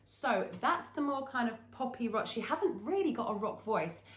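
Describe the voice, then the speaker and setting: A woman's voice: a little high, expressive, normal speed, reverberant. A woman teaching a singing lesson, explaining technique and breaking into short sung demonstrations.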